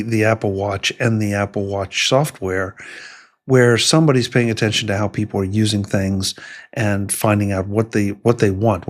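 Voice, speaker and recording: A man hosting a casual tech conversation, thoughtful and measured, with small restarts. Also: lowish voice. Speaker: podcast host.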